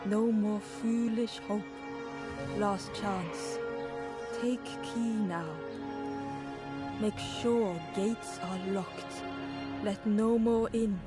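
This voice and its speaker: A woman voicing a weary, stern forest king who speaks in slow, terse commands. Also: medium pitch, fairly even intonation, over loud music. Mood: grim.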